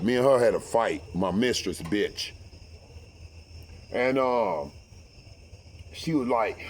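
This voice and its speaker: A middle-aged man telling a story in a casual, profane way. His voice sits at an average pitch, and he stays animated, acting out each voice as he goes. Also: slow, pauses often, husky. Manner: profane, animated, acts out every voice.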